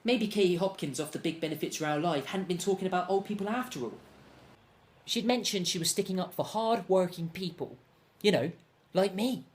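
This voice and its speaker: A young man delivering a deadpan, rambling comedic monologue as a self-absorbed character. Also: high-pitched, moderate pace.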